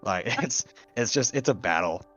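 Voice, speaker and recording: A man's voice: fairly low pitch, expressive, normal speed, pushed and bright, breathy edge, soft background music. A man talking casually as a guest on a podcast, laughing often and swearing now and then. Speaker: guest voice actor.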